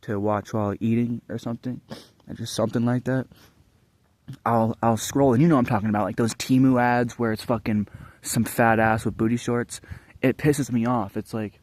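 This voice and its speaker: A man's voice: medium pitch, steady tone, moderate pace, a little mellow, no echo. A young adult man vlogging in a casual, rambling monologue, swearing often and restarting his sentences. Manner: profane, rambling, frequent restarts.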